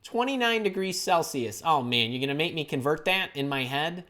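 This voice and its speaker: A man's voice: a little high, lively intonation, normal speed, pushed and bright. A man in his fifties hosts a live question-and-answer stream on careers. He talks with energy and ease, tossing in jokes and little asides between the questions he reads out. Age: 50s. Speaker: career advice host.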